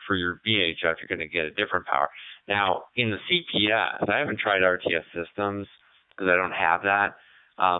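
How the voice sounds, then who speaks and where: A man with a low, smooth voice talks over a ham radio link in a relaxed, easygoing way, pausing often with ums. The sound is dry and thin, like a phone line. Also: no echo. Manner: relaxed, thoughtful, hesitant with many fillers. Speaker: ham radio operator calling in. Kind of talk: casual radio chat. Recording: tinny radio transmission.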